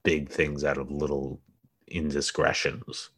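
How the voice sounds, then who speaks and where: Super deep guy rambling jokey podcast chat, trails off soft, dead dry mic. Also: little pitch movement, unhurried, breathy edge, dry recording. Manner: rambling, joking, trails off quietly. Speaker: podcast co-host. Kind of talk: casual comedic chat.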